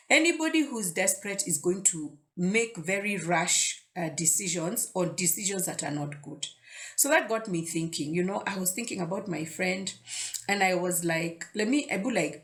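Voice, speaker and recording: Woman giving a casual devotional talk. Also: mid-range voice. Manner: conversational, repeats words while thinking aloud. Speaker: devotional video host.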